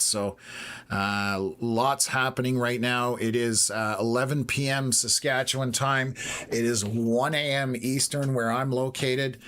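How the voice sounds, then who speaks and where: A man commentates a live storm tracker in a level, even-pitched voice. He sounds a little hoarse, as if he is losing his voice. He talks at an unhurried pace and fills his pauses with "uh.". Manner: steady, unhurried, lots of "uh" pauses. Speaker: weather stream host.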